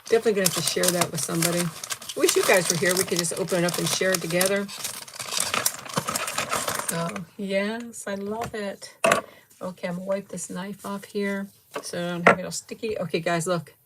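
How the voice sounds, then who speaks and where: The recording is very noisy as a middle-aged woman hosts a casual livestream, tasting a sweet and thanking viewers by name with frequent giggles and gushing warmth. She speaks briskly in a lowish voice with fairly even intonation.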